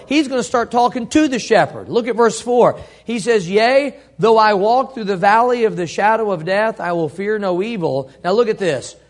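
High-voiced pastor preaching with big swings. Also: male voice. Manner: call-and-response preaching, dynamic swings from loud to hushed. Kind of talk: sermon.

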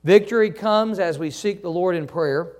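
Male pastor, high voice, sermon delivery with call-and-response and quiet, slowed emphasis. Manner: preaching with call-and-response questions to the congregation; reads scripture aloud, drops to soft, slow phrases for emphasis.

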